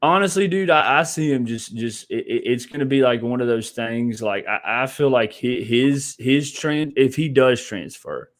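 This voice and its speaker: A man's voice: mid-range voice, expressive, moderate pace, hardly any pauses. Rambling man on a sports podcast. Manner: rambling, frequent restarts, laughs often. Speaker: podcast co-host. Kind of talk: casual sports podcast chat.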